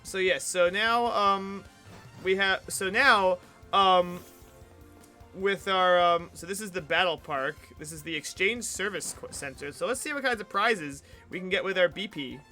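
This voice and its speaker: A man's voice: high-pitched, measured pace, pushed and bright, soft background music. A man giving casual, rambling let's play commentary while streaming a video game. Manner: rambling, chatty, many fillers.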